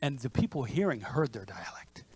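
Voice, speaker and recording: Guy preaching in church, chatty and lively, trips over his words, pretty dry sound. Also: mid-range voice, moderate pace, breathy edge, dry recording. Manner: lively conversational preaching with frequent restarts. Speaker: pastor. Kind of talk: sermon. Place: church sanctuary.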